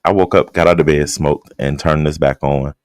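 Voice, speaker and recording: Man, rumbling bass voice, laid-back livestream host, just-woke-up drawl, dry room. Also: normal speed, smooth, no room sound. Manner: relaxed, greets chat members by name. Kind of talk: late-night casual livestream chat. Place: at home, late at night.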